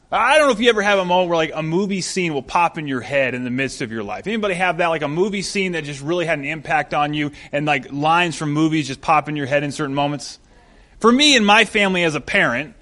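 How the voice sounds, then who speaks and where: Animated conversational male pastor. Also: a little high. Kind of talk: sermon.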